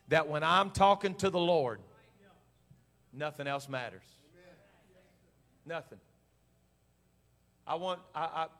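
A man's voice: fairly high pitch, fairly bright tone. A middle-aged man preaching a sermon as pastor, in a folksy, plain-spoken way full of repetition.

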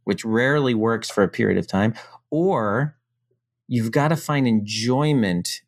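A middle-aged man from the United States, a podcast guest telling his story in a frank, animated, casual way, swearing now and then. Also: mid-range voice, unhurried, no echo, studio quality.

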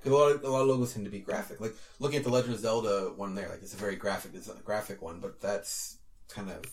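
A man's voice: lowish voice, steady tone, fast, a little mellow, distant mic, slight background noise. A man hosting a podcast, talking casually in a rambling way with many fillers and restarts. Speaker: podcast host. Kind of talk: casual chat, reading out an interview.

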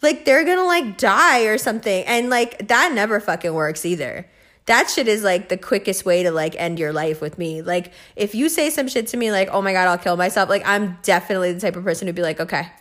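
A woman's voice: medium pitch, brisk. A woman hosting a casual, profane monologue, talking bluntly and laughing often, full of "like" and slang. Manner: blunt, profane, animated with frequent laughs and filler "like". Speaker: host.

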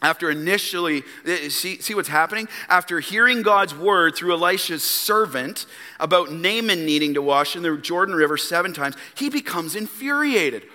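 A man preaching a sermon as a pastor, emphatic and full of rhetorical questions and dramatic pauses. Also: sits high, animated, sharp tone, big-room sound. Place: church sanctuary.

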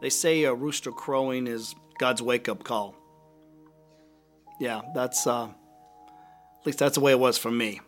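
An actor playing the apostle Peter, a remorseful grown man telling his story in a halting, conversational way. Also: medium pitch, close to an everyday voice. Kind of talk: dramatized monologue video. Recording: music playing underneath.

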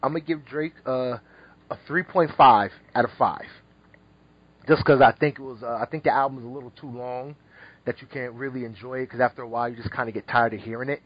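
A man's voice: mid-range voice, steady tone, fast, breathy edge, no echo. A man co-hosting a podcast, chatting casually and rambling through an album review, laughing often. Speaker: podcast co-host. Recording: dull lo-fi podcast audio.

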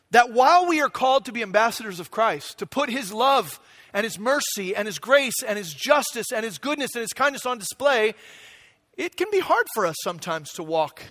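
This pastor in his forties has a very high, fairly bright voice. Telling a family story in his sermon, he stays conversational and keeps asking the room "right?"

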